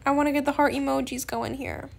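A woman's voice: high voice, fairly even intonation, fast, vocal fry, background noise. A young woman hosting a gaming video, chatting casually and hesitantly with lots of fillers. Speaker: gaming channel host. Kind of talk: casual gameplay chat.

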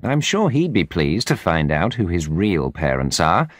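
A man's voice: deep voice, big pitch swings, measured pace, no echo, clean studio sound, full character voice. Man doing a defiant, pressing ex-manager. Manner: confident, pressing, raised voice. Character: defiant foreign ex-manager, confronting his enemies.

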